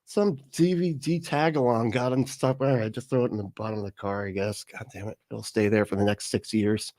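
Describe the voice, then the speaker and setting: A man's voice: on the low side, fairly even intonation, a little fast, darkish tone, dry recording, clean studio sound. A man hosting a livestream reaction show, chatting casually with lots of laughter and mocking asides.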